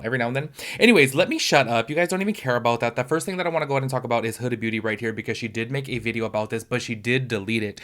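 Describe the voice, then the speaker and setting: A man's voice: mid-range voice, fairly bright tone. A man hosting a casual commentary video, sounding nasally and congested, rambling and gossipy with lots of fillers. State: congested from allergies. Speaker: YouTube commentary host.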